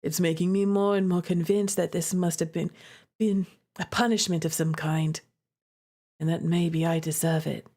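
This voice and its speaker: A woman voicing an anxious, clingy young man held captive in a visual novel, speaking in a soft, halting, pleading way. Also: lowish voice, level tone, voice pushed down. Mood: guilty.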